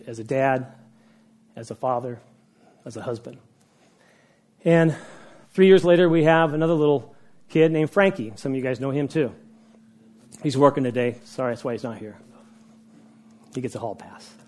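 A man in his sixties giving a personal storytelling speech to a group, animated and conversational, with frequent restarts. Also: medium pitch, moderate pace, pauses often. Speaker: speaker addressing a group.

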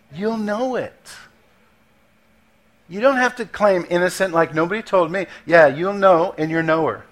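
Conversational male pastor, higher voice. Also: a bit bright. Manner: conversational preaching with acted asides and slowed emphasis. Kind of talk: sermon.

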